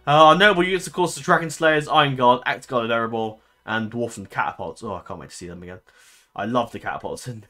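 A man's voice: mid-range voice, pushed and bright. A man giving casual commentary over a strategy game. He rambles and fills his talk with ums and self-corrections. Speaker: gaming channel host.

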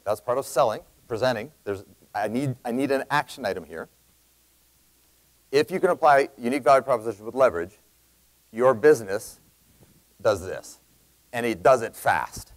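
Energetic Canadian man telling a story. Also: mid-range voice, poor audio. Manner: energetic, quick, bursts of loud emphasis. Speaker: sales speaker. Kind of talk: live keynote storytelling to an audience.

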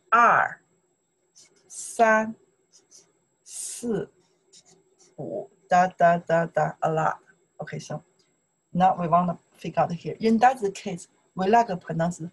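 A woman's voice: fairly low pitch, a little mellow, husky, poor audio. A woman with a Chinese accent teaching her native language in English, saying "okay" again and again as she explains. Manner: repeats okay often, non-native English grammar. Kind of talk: casual online language lesson.

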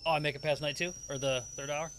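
A young adult man giving excitable, profane horror gameplay commentary and laughing often. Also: a little high, fast, faint music behind. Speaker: gaming streamer.

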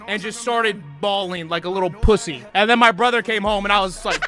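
Loud, bright-voiced young male streamer. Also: high voice, brisk, faint music behind. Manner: loud, profane and jubilant, often shouting. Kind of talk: excited live stream chat.

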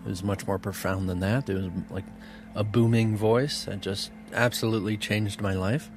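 A man giving an earnest, emotional spiritual talk, often laughing softly between thoughts. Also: on the low side, steady tone, moderate pace. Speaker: spiritual teacher. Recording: music bed under voice.

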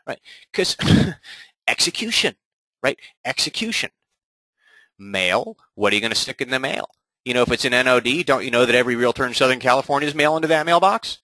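A man leads a recorded sales-training webinar for fellow agents, his mid-pitched voice bright and forceful. He talks in short, punchy bursts and keeps asking "right?" to pull listeners along. The sound is close and dry, with almost no room around it. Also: expressive, brisk, no echo, low-quality recording. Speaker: real estate agent coaching other agents.

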